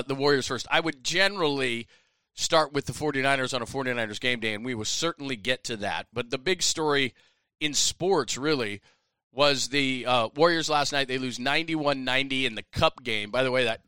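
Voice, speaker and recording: Bright, dry-voiced sports talk host. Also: male voice, mid-range voice, a little fast, clear, resonant tone, dry recording. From San Francisco Bay Area. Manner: animated, self-mocking, acts out voices of others. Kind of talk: casual storytelling monologue.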